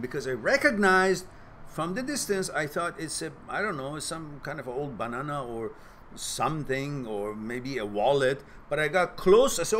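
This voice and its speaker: Blunt, animated male advice host. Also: a little high, moderate pace, a little hiss or hum. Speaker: host and author giving advice. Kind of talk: Q&A advice talk.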